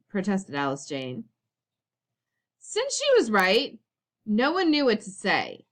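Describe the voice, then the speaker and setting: A woman teacher reading a children's picture book aloud, expressive and storytelling. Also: mid-range voice, unhurried.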